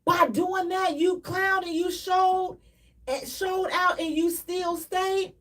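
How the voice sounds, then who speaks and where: High-voiced woman hosting live radio, preachy and loud at times, unhurried, kinda far off the mic. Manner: animated, preachy, repeats herself, sometimes shouting. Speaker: radio show host. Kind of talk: live call-in radio talk.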